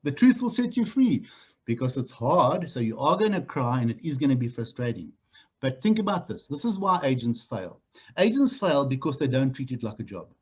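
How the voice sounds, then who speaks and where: A middle-aged man with a South African accent, giving a blunt, animated training talk to a room of new real estate agents. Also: medium pitch, moderate pace, breathy edge. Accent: South African English.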